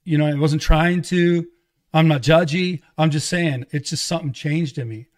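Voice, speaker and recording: A middle-aged man, an evangelist, telling his life story in casual conversation, animated and acting out quoted dialogue. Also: fairly high pitch, normal speed. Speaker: guest, evangelist and pastor.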